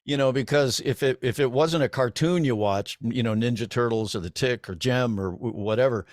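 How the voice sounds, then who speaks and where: A man's voice: mid-range voice, normal speed, dry recording, clean studio sound. A middle-aged man, a voice actor, telling stories as a guest on a video call, with many restarts and laughs. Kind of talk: casual convention interview.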